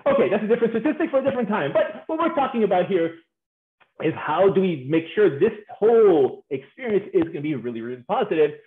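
Playful male speaker, high voice, comic delivery; tinny, phone-like, echoey recording. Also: quick pace. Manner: animated, playful, acts out voices and laughs often. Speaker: speaker on marriage. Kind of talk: humorous conference talk.

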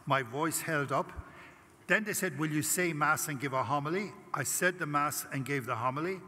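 An older priest from Ireland gives a conference talk in a large hall, his fairly high voice bright, husky and forceful at normal speed. He tells a personal story and animatedly acts out his prayers, with long hall reverb around him.

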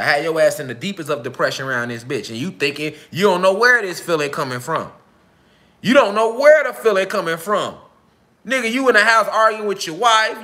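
A man speaks live to his followers in a high, tense, forceful voice. His talk is heated and profane. He keeps circling back with repeated phrases and street slang. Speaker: self-styled spiritual speaker. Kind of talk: unscripted live speech to followers.

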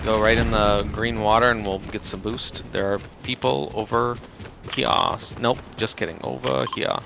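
A man in voice chat calmly calling out directions to his squad during a game. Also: on the low side, moderate pace, creaky, noisy background. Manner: steady practical callouts, directing the squad. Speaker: teammate in voice chat. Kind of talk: casual gaming callouts.

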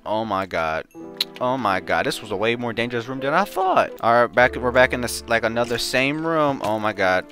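A man giving casual gameplay commentary, excitable and slangy, swinging from muttering to yelling. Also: mid-range voice, moderate pace, soft background music. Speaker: gaming channel host.

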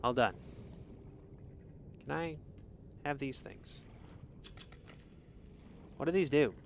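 A man's voice: mid-range voice, animated, takes it slowly, gravelly, slight background noise. A man giving jokey let's play commentary, reading game text aloud and swinging from mutters to sudden yelps. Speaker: gaming streamer.

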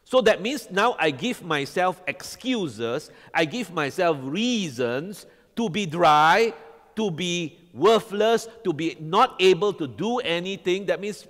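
A man's voice: sits high, lively intonation, takes it slowly, fairly bright tone. A man preaching a sermon as pastor. He talks animatedly and keeps quizzing the congregation with "all right?". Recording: long hall reverb.

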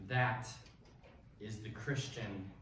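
A man's voice: lowish voice, fairly even intonation, slow, fairly bright tone. A young man preaching to a youth group in a casual, chatty way, full of fillers and frequent "right?" and "okay?" check-ins. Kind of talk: sermon. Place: church hall. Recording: very echoey hall, mic far off, faint noise.

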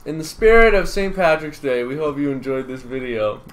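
A man's voice: on the high side, animated, normal speed. A young man hosting a casual, joking chat while playing a video game. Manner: goofy, joking. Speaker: show host. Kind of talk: casual chat over gameplay.

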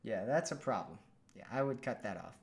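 A man's voice: on the low side, expressive, brisk, gravelly. A man hosting a live stream as a dating coach, reading out viewer comments in a casual, upbeat, chatty way.

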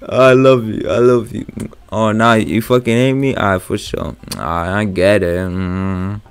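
A man playing a horror game on his channel, talking in casual slang, swearing a lot and getting loud and panicky at the scares. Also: fairly low pitch, little pitch movement, unhurried, clear, resonant tone. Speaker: gaming YouTuber. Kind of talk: horror game let's play.

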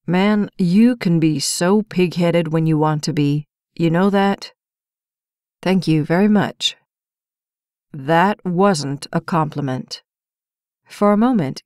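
A woman with a lower-pitched voice reads a novel aloud as an audiobook narrator. She voices each character's lines herself without changing her voice much. The recording is dry and close, with no room sound. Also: darkish tone, no room sound. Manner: reads all characters' dialogue in her own voice. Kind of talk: scripted narration.

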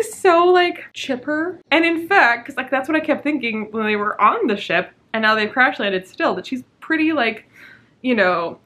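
A woman's voice: on the high side, fairly bright tone. Sarcastic, swearing woman book vlogger. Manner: sarcastic, swears freely, laughs often. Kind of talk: casual reading vlog. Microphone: camera mic.

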